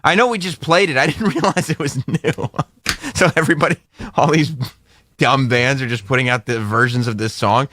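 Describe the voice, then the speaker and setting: A man's voice: mid-range voice, normal speed, sharp tone, no room sound, clean studio sound. A man co-hosting a radio show, chatting casually and joking with a light laugh.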